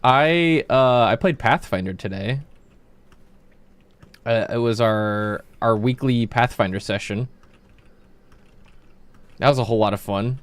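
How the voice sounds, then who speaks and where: A man's voice: medium pitch, very animated, takes it slowly, pauses often. A man casually chatting on his livestream while gaming, rambling with plenty of fillers, restarts and swearing.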